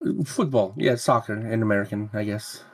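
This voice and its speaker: A man's voice: lowish voice, a little fast. A man co-hosting a podcast in casual chat, teasing and arguing with his friends. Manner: teasing, argumentative. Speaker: podcast co-host and streamer.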